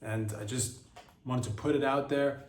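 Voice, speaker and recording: A man's voice: medium pitch, steady tone, moderate pace. Rambling crude male podcast comic. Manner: rambling, crude, many fillers and restarts. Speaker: podcast host. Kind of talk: rambling comedic monologue. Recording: roomy echo.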